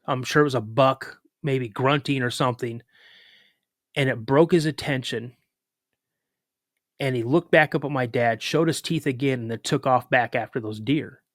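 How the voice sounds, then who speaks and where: A man who is a guest on a podcast, telling a story in a relaxed, chatty way. His voice sits at an ordinary middle pitch, and he keeps circling back with fillers and restarts. The recording is dry and close, with no room sound. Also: normal speed, no echo. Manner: lively retelling with filler words and restarts. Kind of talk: casual spoken storytelling.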